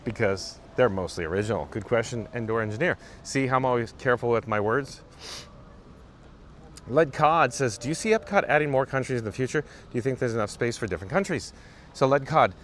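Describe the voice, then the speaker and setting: A man's voice: medium pitch, slight background noise. A man hosting a live stream while he walks, reading chat aloud and answering in a chatty, emphatic way, repeating viewers' names. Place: outdoors in a theme park.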